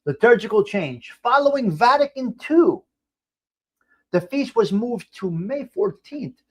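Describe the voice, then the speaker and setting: A man's voice: extremely high pitch, very animated, measured pace. Blunt rambling man in his fifties. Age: 50s. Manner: blunt, rambling, restarts often. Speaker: host. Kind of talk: casual live-stream chat.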